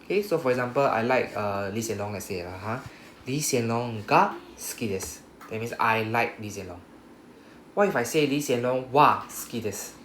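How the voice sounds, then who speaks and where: A man's voice: medium pitch, animated, normal speed, a bit bright. A man teaching a Japanese grammar class, explaining patiently and often checking with "right?". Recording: roomy classroom echo, faint hum.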